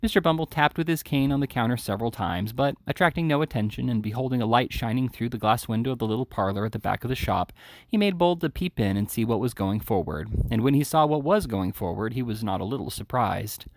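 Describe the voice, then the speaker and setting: A man narrating a classic novel in a steady, unhurried read. His voice has a gravelly fry, and the sound is dry and close with no room around it. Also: medium pitch, no echo. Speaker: reader.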